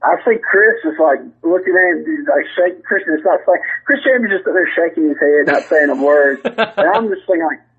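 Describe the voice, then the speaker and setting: A man with a Southern US accent, telling a long rambling story as a podcast guest, full of restarts and animated quoting. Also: on the high side, fairly quick, husky. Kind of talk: casual storytelling. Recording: tinny phone line.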